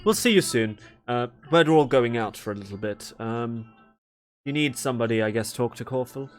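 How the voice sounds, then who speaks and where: A man's voice: mid-range voice, lively intonation, normal speed, lightly acted. A man voicing a seasoned woman adventurer who sounds weary and dismissive.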